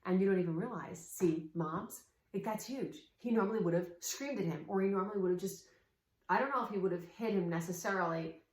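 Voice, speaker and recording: A woman's voice: mid-range voice, a little fast, reverberant. Earnest chatty woman coaching parents. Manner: earnest, chatty, acts out quoted dialogue. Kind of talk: casual spoken lesson to parents.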